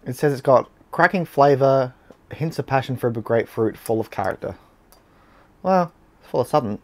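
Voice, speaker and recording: A man's voice: medium pitch, normal speed. An Australian man hosting a casual beer-tasting vlog, chatty and blunt, with slang and swearing.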